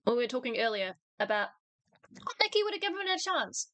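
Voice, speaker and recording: A woman streamer with a bright, sharp voice that climbs and dips all over the place, crude and quick to laugh. She sits close to a dry, dead mic, chatting with her co-hosts. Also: fairly high pitch, big pitch swings, no echo. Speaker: streamer host. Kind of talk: casual livestream reaction chat.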